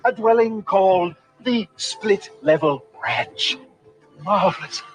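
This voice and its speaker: A man's voice: high-pitched, expressive, slow, faint music behind, rough recording. An actor playing a pompous male professor in an old TV commercial, lecturing with theatrical relish. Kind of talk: 1960s TV commercial.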